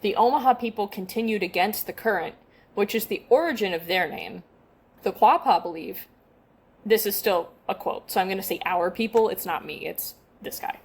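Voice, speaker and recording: A woman's voice: mid-range voice, moderate pace, slightly rough. Young adult woman, casual podcast co-host; conversational, self-deprecating read. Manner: chatty, self-deprecating, stumbles over names. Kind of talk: casual chat, reading from notes.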